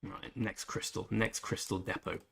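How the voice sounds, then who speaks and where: A man's voice: sits low, steady tone, normal speed, creaky, a bit bright, husky. A man casually commenting while playing a strategy game on a live stream, chatting with viewers and muttering to himself as he goes. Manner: chatty, reads chat aloud, mutters to himself. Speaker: gaming streamer.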